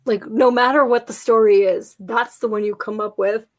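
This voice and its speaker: A woman's voice: fairly high pitch, fairly even intonation, moderate pace. A woman co-hosting a casual chat, telling jokey stories with lots of laughter. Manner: chatty, jokey storyteller, frequent laughs. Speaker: podcast co-host.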